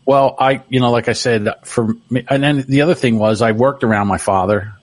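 A man's voice: mid-range voice, fairly even intonation, a little fast, no echo. A middle-aged man telling stories in casual chat, laughing often.

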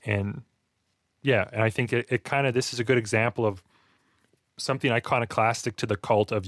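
A man co-hosting a casual talk about writing, animated and acting out reactions in quick quoted asides. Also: medium pitch, dry recording, clean studio sound. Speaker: podcast co-host discussing writing. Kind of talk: casual chat.

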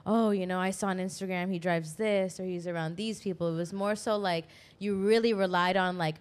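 A woman's voice: on the low side, steady tone, a little fast. A woman in a casual podcast conversation, listening closely and offering her thoughts. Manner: attentive, short affirmations, then reflective. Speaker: podcast co-host.

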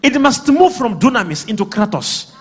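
Male preacher, high and lively voice, animated delivery with sudden shouts and call-and-response. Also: moderate pace, slightly rough. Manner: animated, bursts into shouts and laughter.

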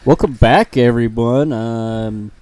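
Slow, deadpan man podcaster. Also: medium pitch, clear, resonant tone. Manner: unhurried, deadpan, swears casually. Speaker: podcast co-host. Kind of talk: casual podcast chat.

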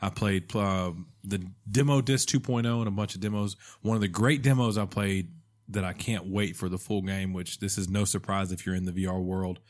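Man, lowish voice, podcast host, enthusiastic, joking, casual chat. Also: fairly even intonation. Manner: enthusiastic, joking, quick to laugh.

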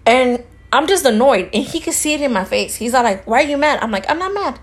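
A woman telling a story on a casual podcast. She has a high voice that swoops up and down, and she quotes everyone in the story. Her talk is sprinkled with swearing and the odd Spanish phrase. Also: fast, hardly any pauses. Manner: animated, acts out both sides of conversations, swears freely. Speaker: podcast co-host.

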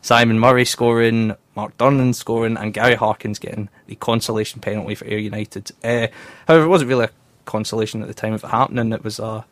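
A man's voice: fairly low pitch, fairly even intonation, fast talker, dry recording. A man with a Scottish accent hosting a casual football podcast, often stumbling over his words and laughing at himself. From Scotland. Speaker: podcast host. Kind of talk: casual chat.

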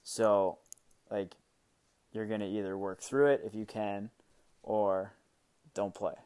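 A young adult man in casual chat, relaxed and leaning on "like" between thoughts. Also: lowish voice, slow, smooth. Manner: relaxed, leans on "like" fillers.

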